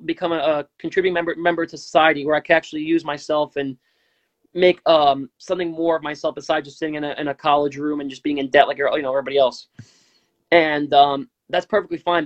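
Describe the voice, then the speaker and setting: Fast-talking young man, lo-fi sound. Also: on the high side. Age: 20s. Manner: rambling, with many fillers and restarts. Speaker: political talk show host. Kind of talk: casual live-stream commentary.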